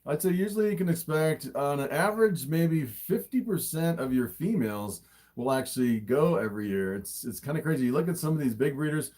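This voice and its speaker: Male streamer, slightly high voice, casual and chatty, slightly sore throat, phone mic. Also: lively intonation, a little fast, a little mellow. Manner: laughs often, chatty with frequent fillers. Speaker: livestream host and snake breeder. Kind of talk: casual livestream chat. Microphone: phone camera.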